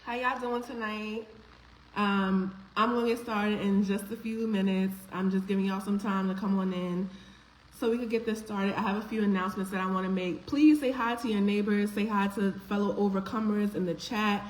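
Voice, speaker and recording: A woman's voice: medium pitch, fairly even intonation, moderate pace. A woman hosting a live stream, chatting casually, greeting viewers one by one by name in an affectionate, upbeat way. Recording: echoey room with faint background noise.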